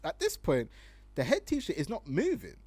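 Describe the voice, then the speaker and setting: A young man, hosting casual online commentary, slangy and animated, laughing often as he reads tweets. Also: high voice, normal speed, no echo.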